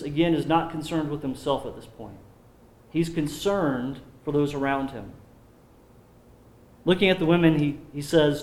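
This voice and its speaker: A man preaching a sermon, slowing down when he reads scripture aloud. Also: a little high, a little mellow, reverberant. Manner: slows down to read scripture aloud.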